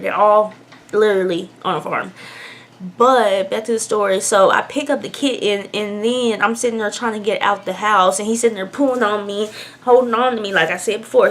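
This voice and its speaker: A young woman telling a personal story in a candid, emotional way, swinging between hushed and loud. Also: mid-range voice. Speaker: vlogger. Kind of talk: storytime vlog.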